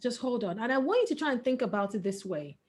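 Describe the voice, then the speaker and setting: A woman's voice: a little high, lively intonation, fast, darkish tone. A middle-aged woman, a webinar guest speaker, giving parenting advice in an earnest, emphatic way. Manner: earnest, emphatic, breaks into laughter.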